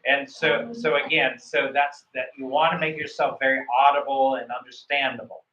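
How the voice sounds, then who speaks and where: A man's voice: mid-range voice, little pitch movement, moderate pace, bright, forceful tone. A man coaching students for a visa interview, rambling with many fillers and restarts. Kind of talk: coaching on a call. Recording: echoey, muffled room sound.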